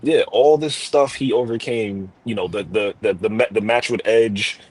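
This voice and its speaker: A man's voice: fairly low pitch, moderate pace, husky, poor audio. A man co-hosting a casual wrestling talk show, telling stories and laughing often. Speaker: podcast co-host.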